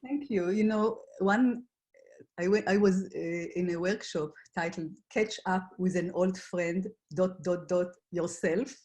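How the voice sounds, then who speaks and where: Here is a woman leading a mindful reflection over a video call. Her voice sits a little low, and she speaks gently and hesitantly, with many soft fillers as she prompts her listeners. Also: steady tone, measured pace. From Israel. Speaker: workshop facilitator. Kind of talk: guided reflection in an online workshop.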